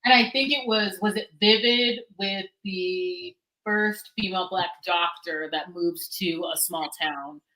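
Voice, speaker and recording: A woman chatting casually on a livestream, animated and quick to laugh, often trailing off and restarting. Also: fairly low pitch, rough recording. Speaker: book blogger and guest co-host.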